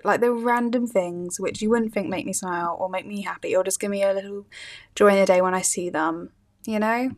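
A young British woman talking casually on her own podcast. She gushes and rambles, with lots of "um"s and "like"s, and her voice sits at an everyday middle pitch. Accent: British English. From United Kingdom. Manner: chatty, gushing, many fillers and little laughs. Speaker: podcast host. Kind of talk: casual solo chat.

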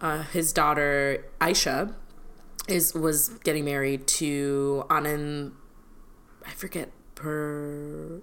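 Woman cohost gossiping, lowish voice, giggles a lot. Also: level tone, slow pace, fairly bright tone. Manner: giggly, chatty, lots of fillers and restarts. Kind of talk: casual chat.

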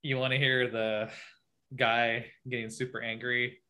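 A man's voice: medium pitch, little pitch movement, measured pace, bright, forceful tone. A man co-hosting a casual podcast chat, reading messages aloud with amusement and many filler words.

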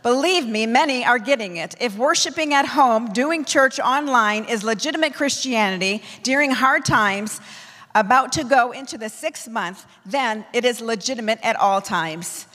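A woman apostle preaching a forceful, declamatory sermon to her church, driving home her points in emphatic lists. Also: fairly high pitch, normal speed, long reverb tail.

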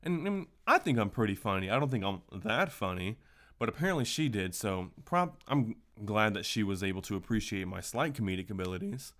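A man with a somewhat low voice hosts a casual solo podcast. He tells workplace stories in a loose, ranting style, full of swearing. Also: animated, brisk, fairly bright tone. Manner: profane, ranting storyteller. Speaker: podcast host.

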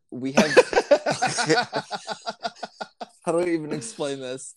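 A man's voice: medium pitch, dry recording, studio quality. A man co-hosting a podcast in casual chat, laughing often as he tells a story. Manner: giggly, laughs often while telling a story. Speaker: podcast co-host.

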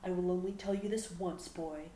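A proud, scornful alien prince growls out cold, clipped lines, put on by a woman reading the story, pitched low and held quiet. The voice rings in an echoey room, with a faint hum underneath. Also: moderate pace, lightly acted. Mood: cold contempt.

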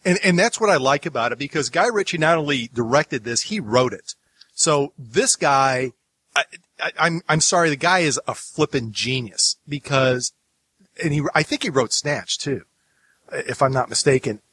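A man's voice: medium pitch, lively intonation, normal speed, bright, forceful tone, slightly rough, dry recording. A man from the United States hosting a podcast, chatting casually in a rambling way with many restarts. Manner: rambling, lots of restarts and asides. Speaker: podcast host.

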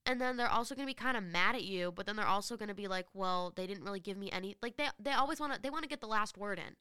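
Chatty teenage girl, bright clear voice. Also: medium pitch, rapid-fire, no echo, studio quality. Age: teens. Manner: chatty, animated retelling with many fillers. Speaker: podcast host. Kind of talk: casual advice monologue.

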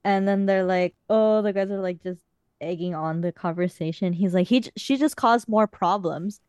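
In a fairly low, darkish, clean voice at normal speed, a young woman swaps stories on her podcast, chatty and casual with plenty of swearing. There's no room sound, just clean studio audio.

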